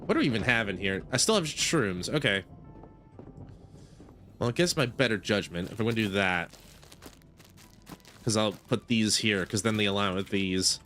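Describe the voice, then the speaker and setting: A man's voice: fairly low pitch, animated, moderate pace, pauses often, a bit bright, faint music behind. A man giving casual gameplay commentary with a playful, mock-grumpy manner. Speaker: gaming video creator.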